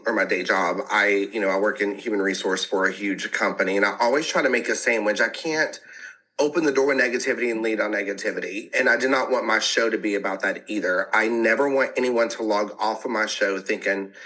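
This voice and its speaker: Male podcast guest, slightly low and bright voice, lively, laughs easily, casual interview. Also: rough recording. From American South. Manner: animated, laughs often, frequent restarts.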